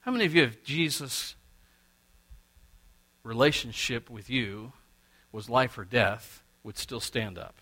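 A middle-aged male pastor preaching a sermon, swinging between loud and quiet as he acts out little exchanges. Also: lively intonation, measured pace, long pauses, breathy edge. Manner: preaching with wide swings in pitch and loudness, acting out quoted exchanges.

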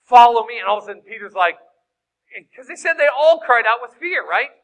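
A man preaching an animated sermon, acting out scenes in shouted voices. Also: very high-pitched, a little fast, rough recording. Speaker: guest preacher.

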